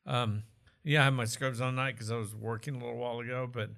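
A man's voice: mid-range voice, steady tone, fast talker, gravelly, fairly bright tone. A man from Oklahoma talking casually about health as a co-host, explaining with asides and jokes. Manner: chatty, explanatory, jokes and restarts.

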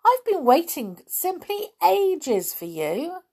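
A woman's voice: very high-pitched, sing-song, takes it slowly, dark tone, voice pushed up, full character voice. A woman voicing a merry little male pixie who talks in a cheerful, chirpy way.

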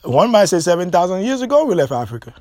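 A man's voice: high-pitched, very animated, fast, darkish tone, dry recording, studio quality. A man hosting his own channel, talking to his listeners in a blunt, rambling monologue with many restarts. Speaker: podcast host.

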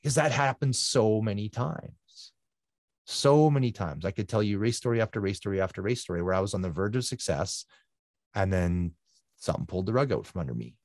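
A man with a fairly low voice recounts his life as a guest, earnest and reflective. He circles back and repeats phrases to press a point. The sound is dry and close, with little room around it. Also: expressive, fairly quick, a little mellow, dry recording. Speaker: guest, endurance athlete. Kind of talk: reflective conversational storytelling.

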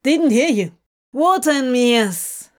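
A woman voicing a theatrical, cheeky male demon who gloats and teases in a booming, drawn-out way. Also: animated. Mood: cheeky teasing. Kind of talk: audiobook fanfic reading.

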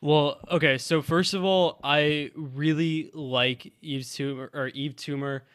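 A man's voice: fairly high pitch, steady tone, slow, a bit bright, clean tone, no echo, studio quality. A man who co-hosts a college radio podcast, chatting loosely about music with lots of fillers and restarts. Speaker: college radio sports director and podcast co-host.

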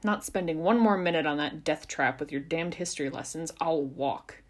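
A woman voicing a gruff, grumpy old man passenger in a storybook reading, with a dismissive, grumbling manner. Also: low-pitched, moderate pace.

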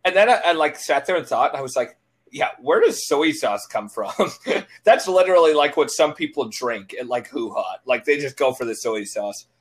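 A man hosting a casual podcast chat, joking and rambling, quick to laugh. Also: medium pitch. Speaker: podcast host.

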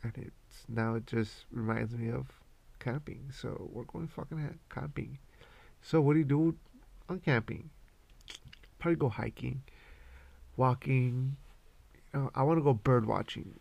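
A man's voice: mid-range voice, measured pace, vocal fry, long pauses, darkish tone, husky. A man hosting a podcast, rambling casually and swearing constantly in a laid-back way. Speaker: podcast host.

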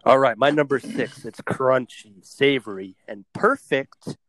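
A man's voice: mid-range voice, unhurried, fairly bright tone, no echo. A man co-hosting a casual podcast, teasing his friends and rambling through his picks. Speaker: podcast co-host.

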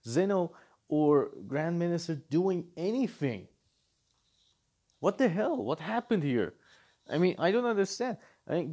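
A man ranting his way through casual reaction commentary, animated and disbelieving. His voice sits a little higher than most men's. He keeps throwing out rhetorical questions. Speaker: anime and manga commentator.

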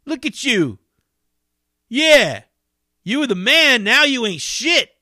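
A man voicing a jeering young man who taunts a former classmate with loud, mocking insults. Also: extremely high pitch, sing-song, takes it slowly, dry recording, clean studio sound, pitched above the performer's own voice, full character voice.

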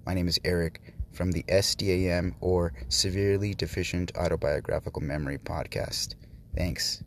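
A man giving a friendly, measured shout-out for a podcast network. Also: low-pitched, fairly even intonation, slight background noise. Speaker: guest podcaster reading a promo. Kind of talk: show shout-out.

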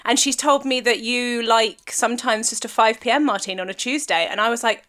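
A woman's voice: fairly high pitch, brisk, a bit bright. A woman co-hosting a podcast, telling anecdotes in casual chat. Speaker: podcast co-host.

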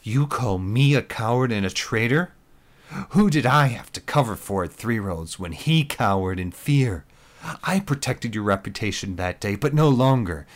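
A man's voice: sits high, wildly swooping pitch, slow pace, pitched above the performer's own voice, heavily acted. A man voicing a furious defiant woman soldier. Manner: spitting angry retorts.

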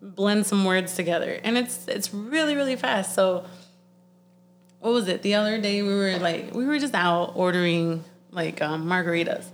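Chatting casually, a Puerto Rican woman with a matching accent spins animated stories full of swearing and laughter. She speaks in a mid-range voice at a normal speed, over slight background noise.

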